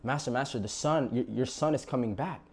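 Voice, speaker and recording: A man voicing an excited male servant who announces news urgently. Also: mid-range voice, a little fast, lightly acted.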